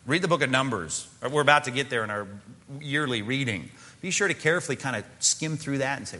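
A male pastor preaches in a relaxed, conversational way, with a bright, ringing tone and a pitch that swings up and down a lot. He throws in asides and rhetorical questions to the congregation. His voice carries a long reverb, as in a large sanctuary. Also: a little fast, slight background noise. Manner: mimics whining body parts in a high voice. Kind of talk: sermon.

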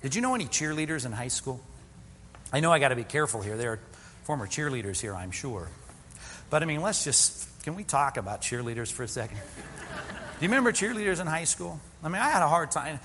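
Lively man preaching in a reverberant hall. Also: fairly high pitch, a little fast, slight background noise. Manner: conversational, self-deprecating humor with rhetorical questions. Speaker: pastor. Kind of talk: sermon.

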